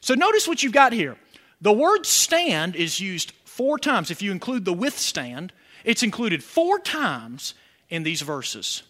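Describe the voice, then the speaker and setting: A man's voice: high voice, a bit bright. A man preaching a sermon as pastor, asking the congregation questions and building to emphatic points. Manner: preaching with rising emphasis and call-and-response questions.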